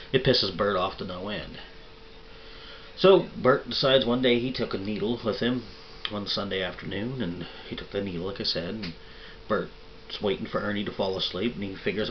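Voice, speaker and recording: Rambling low-voiced man telling jokes, lo-fi. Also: normal speed, a little hiss or hum. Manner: rambling, folksy, swears freely. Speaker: vlog host telling jokes. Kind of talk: casual joke telling.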